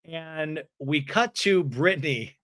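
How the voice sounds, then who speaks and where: A podcast host, a man, recapping a reality TV episode for laughs. His voice is bright and sits a little high, and he tells it in an animated, gossipy storytelling way. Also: slow pace.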